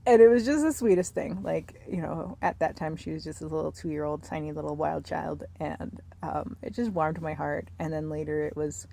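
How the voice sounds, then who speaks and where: A woman in her thirties chatting casually while lying in bed, rambling softly with many fillers and sometimes dropping to a whisper. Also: low voice, moderate pace, vocal fry, few pauses. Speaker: vlogger. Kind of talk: casual chat to camera.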